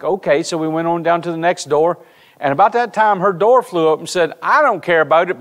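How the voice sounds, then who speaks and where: A man preaching a sermon in a church, telling stories and speaking directly to his congregation. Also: on the high side. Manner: storytelling preacher, animated, addresses congregation directly. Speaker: pastor. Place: church sanctuary.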